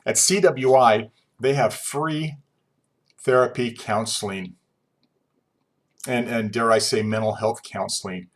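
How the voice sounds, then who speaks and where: A man teaching a class, talking in a calm, reflective, conversational way with occasional fillers. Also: mid-range voice, slow, long pauses. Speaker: instructor. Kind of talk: recorded class lecture.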